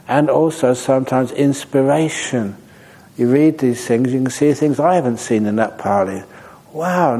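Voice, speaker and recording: A man, a Buddhist monk answering audience questions in a dharma talk, humorous and anecdotal in an unhurried way. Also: medium pitch, mellow, slightly rough, rough recording. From Australia.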